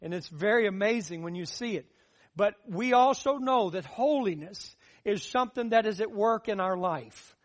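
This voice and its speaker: A man's voice: high-pitched, expressive, normal speed. A man preaching a sermon, building his points through earnest, repeated phrases and rising emphasis.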